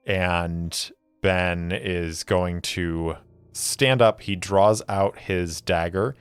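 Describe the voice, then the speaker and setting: A man narrating a solo tabletop game in a relaxed way, with many fillers. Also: deep voice, very slow, smooth, no echo, faint music behind.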